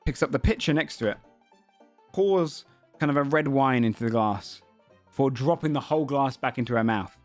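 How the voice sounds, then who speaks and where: A man's voice: medium pitch, moderate pace, soft background music. Man narrating a tabletop game. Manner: loose, hesitant narration with many fillers. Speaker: game master.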